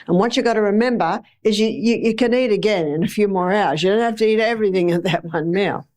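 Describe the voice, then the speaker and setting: A woman's voice: medium pitch, quick pace, a little mellow. A middle-aged woman giving a chatty health lecture to a live audience, with homely anecdotes and acted-out examples.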